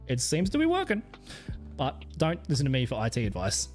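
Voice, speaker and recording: A man's voice: mid-range voice, wildly swooping pitch, a little fast, darkish tone, faint music behind. Rambling crude Australian man. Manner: rambling, crude, laughs often. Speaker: livestreamer. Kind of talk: casual stream chat.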